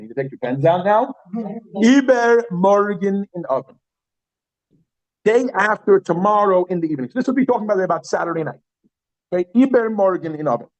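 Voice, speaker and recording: A man teaching an evening class, with a voice a little higher than most men's. He is chatty and repeats new words slowly, often stopping to ask the room questions. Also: a little mellow, poor audio. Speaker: Yiddish teacher. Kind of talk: classroom lesson.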